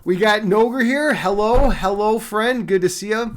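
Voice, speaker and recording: High-voiced rambling streamer man from Chicago. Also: moderate pace. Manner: rambling, repeats words, frequent fillers. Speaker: streamer host. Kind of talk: casual live-stream chat.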